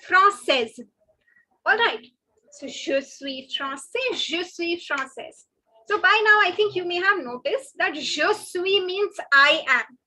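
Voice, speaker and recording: Woman, French tutor, high bright voice, slow careful drills. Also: low-quality recording. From India. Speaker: French teacher. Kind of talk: online language lesson.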